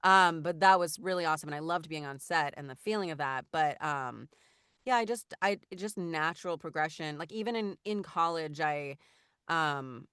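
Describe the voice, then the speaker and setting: A woman's voice: low-pitched, moderate pace, fairly bright tone, clear, resonant tone, no echo, studio quality. A woman in her thirties, a voice actor, chatting casually in an interview with many fillers and restarts. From Los Angeles. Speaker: voice actor guest.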